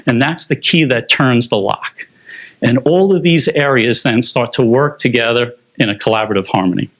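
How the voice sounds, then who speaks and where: A man's voice: medium pitch, normal speed, fairly bright tone. A man giving a conference presentation on technology, explaining slides step by step with frequent fillers.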